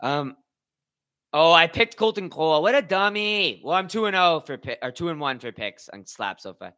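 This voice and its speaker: A young man hosting a live watch party, commentating on slap fights with excitable, profane banter and shoutouts to his chat. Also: on the high side, normal speed. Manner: excitable, swears a lot, talks to chat. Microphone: headphones with mic.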